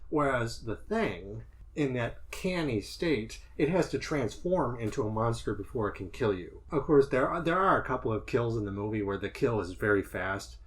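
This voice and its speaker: A man's voice: medium pitch, animated, normal speed. A man co-hosting a podcast, thinking aloud as he analyzes horror films in a casual discussion. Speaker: podcast co-host.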